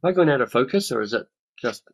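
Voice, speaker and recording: A man's voice: mid-range voice, lively intonation, quick pace, vocal fry, husky, rough recording. Enthusiastic man giving a webinar. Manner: enthusiastic, acts out other people's reactions. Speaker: webinar speaker and author. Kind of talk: coaching webinar talk. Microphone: webcam on a video call.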